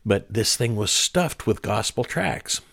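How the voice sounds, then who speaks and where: A man's voice: fairly low pitch, lively intonation, a little slow, gravelly, a bit bright, a little hiss or hum. A man telling anecdotes as an interview guest, chuckling now and then. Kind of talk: casual storytelling.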